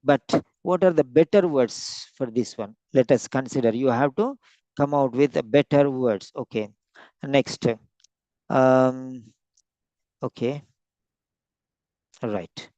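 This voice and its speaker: Guy teaching vocab online, super slow, dry close mic. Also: mid-range voice, dark tone, no echo, muffled recording. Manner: slow, repeats words, stretches them out to stress them. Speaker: English teacher.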